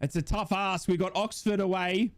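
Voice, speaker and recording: A man's voice: high-pitched, fairly even intonation, normal speed. A young man doing live fan commentary on a football match as a watch-along streamer, passionate, swearing and emotional.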